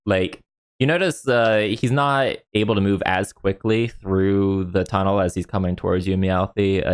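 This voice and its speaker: A man running a tabletop game as dungeon master, relaxed and often laughing. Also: low voice, clean tone.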